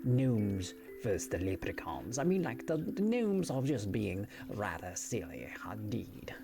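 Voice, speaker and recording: A woman's voice: a bass voice, big pitch swings, creaky, music in the background, full character voice. A woman playing a pompous village quest-giver with a shaky Irish lilt. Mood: grandly welcoming. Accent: attempted Irish slipping into British. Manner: mock-formal, rambling, halting restarts. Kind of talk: improvised role-play on a livestream.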